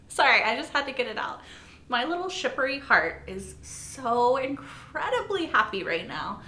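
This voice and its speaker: A woman's voice: high voice, big pitch swings, unhurried, pushed and bright, roomy sound, slight background noise. A woman hosting a reaction video, gushing and emotional, swearing casually as she talks. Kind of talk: excited casual reaction chat.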